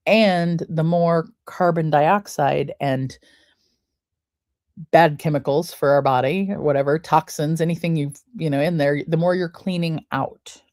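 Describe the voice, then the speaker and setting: A woman podcast host talking listeners through a breathing exercise in a slow, soothing way, counting the breaths aloud. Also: sits low, fairly even intonation, darkish tone, no room sound, studio quality. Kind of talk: guided breathing and wellness talk.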